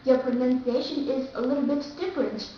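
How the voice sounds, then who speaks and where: A woman's voice: sits high, fairly even intonation, a little fast, slight background noise. A woman from Vietnam with a Vietnamese accent, teaching English pronunciation and carefully repeating example words. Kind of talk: pronunciation lesson. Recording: echoey, distant, dull mic.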